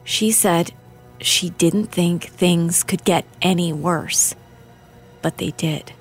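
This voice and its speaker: A woman narrating a true-crime documentary in a measured, grave scripted delivery. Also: fairly low pitch, soft background music.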